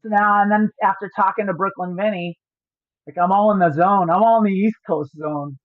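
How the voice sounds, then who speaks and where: A woman's voice: mid-range voice, no echo. Joking, profane woman poker streamer. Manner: joking, profane, quick to explain. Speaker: poker streamer explaining her play. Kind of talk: livestream commentary. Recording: dry, slightly dull lo-fi audio.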